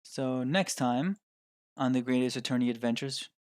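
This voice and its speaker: A man's voice: mid-range voice, moderate pace. A man hosting a game playthrough, narrating the story and commenting casually, swearing and self-deprecating. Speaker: let's play host.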